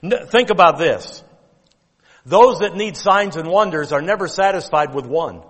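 Pastor guy preaching hard, slightly high voice, leans on key words, long church hall echo. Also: fairly bright tone. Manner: emphatic preaching, quoting King James scripture; drawn-out stress on key words. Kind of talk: sermon.

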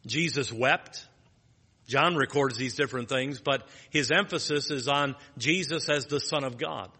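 A man's voice: mid-range voice, measured pace, sharp tone, breathy edge, big-room sound. A man teaching a Bible lesson in a plain teaching tone, asking rhetorical questions and restarting phrases.

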